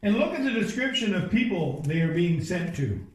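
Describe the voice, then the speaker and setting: A man's voice: high voice, big pitch swings, moderate pace. A man preaching a sermon in a church, telling stories in a conversational way with asides and restarts. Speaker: pastor. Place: church sanctuary. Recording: very echoey church room, distant mic.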